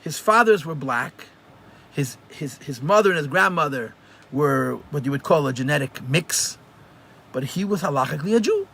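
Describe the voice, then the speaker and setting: Forceful, husky-voiced rabbi telling stories. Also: male voice, fairly high pitch, moderate pace. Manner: animated storyteller who repeats phrases for emphasis. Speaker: rabbi teaching a class. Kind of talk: live religious class with storytelling.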